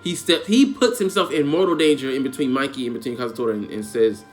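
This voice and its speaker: A man talks through an anime episode in a loose, rambling way, thick with slang and filler words. He sounds emotionally worked up but keeps it conversational, with his pitch sitting in a middle range. Faint background music plays behind him. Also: quick pace. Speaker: anime reviewer. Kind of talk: casual episode review.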